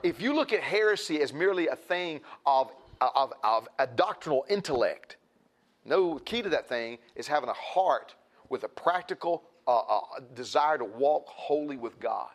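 A man's voice: on the high side, animated, moderate pace. A man preaching a sermon in a folksy, repetitive way, building emphasis.

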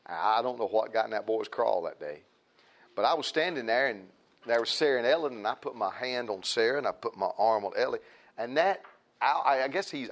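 A male preacher with a drawl delivers a church sermon. He talks in a plain, folksy way at a middling pitch, circling back to repeat his key words for emphasis. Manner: folksy, repetitive, building emphasis.

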